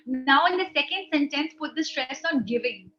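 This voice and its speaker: Female tutor, high and bright, patient explainer, heard over a muffled online call. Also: expressive, moderate pace, music in the background. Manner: patient, frequent "okay", explains step by step. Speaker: English speaking tutor. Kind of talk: online one-on-one speaking lesson. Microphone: video call.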